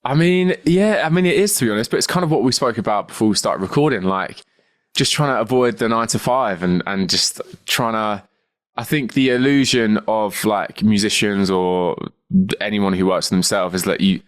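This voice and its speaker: A man's voice: fairly low pitch, normal speed. A man chatting casually as a podcast guest over a video call, calling everyone "mate". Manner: matey, peppers speech with "mate".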